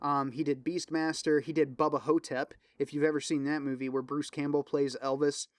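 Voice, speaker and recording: Solo podcaster, male, fairly high voice, dry close sound, loose and profane, eager recommender. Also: little pitch movement, moderate pace, dry recording. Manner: loose, profane, filler-heavy rambling with restarts; enthusiastic recommending. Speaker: podcast host. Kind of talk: casual solo podcast chat.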